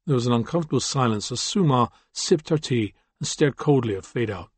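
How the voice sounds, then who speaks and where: A man narrating a novel in a measured, descriptive reading. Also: medium pitch, expressive, slightly rough, no echo. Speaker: audiobook narrator. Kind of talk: scripted narration.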